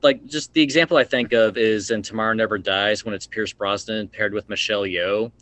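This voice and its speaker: A man's voice: fairly low pitch, fairly even intonation, brisk, fairly bright tone. A man co-hosting a movie podcast, talking thoughtfully and rambling about films. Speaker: podcast co-host. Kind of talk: casual movie review chat.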